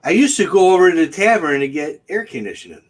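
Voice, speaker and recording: Guy on a casual talk show, dry rambling, slightly high voice. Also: very animated, fast talker. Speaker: co-host. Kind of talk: casual comedic chat.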